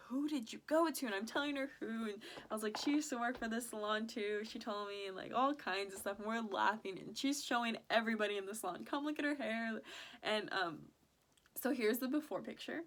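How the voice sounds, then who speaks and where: Young woman, slightly high voice, chatty storytime vlog, filler-heavy, recorded at home. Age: young adult. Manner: chatty, animated retelling with many "like" fillers. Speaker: vlogger.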